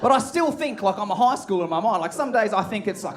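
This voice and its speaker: Aussie guy in his 30s mc'ing a comedy night, fairly high voice, crude and punchy, crowd laughing. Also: lively intonation, quick pace. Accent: Australian. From Australia. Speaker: comedy show host. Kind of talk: live stand-up comedy. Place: comedy club stage with laughing audience.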